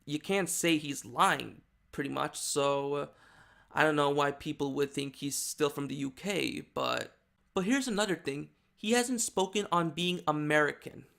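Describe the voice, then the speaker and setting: A man's voice: on the high side, a little slow, creaky, fairly bright tone. A man giving casual, rambling video commentary with many fillers and restarts. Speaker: YouTube commentator.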